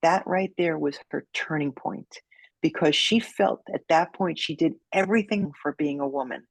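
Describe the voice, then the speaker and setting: A woman with a husky, slightly breathy voice tells a story as a podcast guest. She dramatizes it, acting out each quote. The sound is dry and close. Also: deep voice, moderate pace, dry recording. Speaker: guest, judo sensei.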